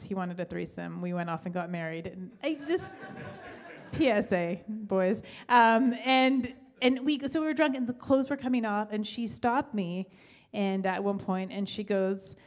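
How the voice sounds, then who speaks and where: A woman's voice: mid-range voice, a little slow, darkish tone. A woman doing a stand-up set, telling chatty stories and laughing at her own jokes. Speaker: stand-up comic. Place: small gallery before a live audience.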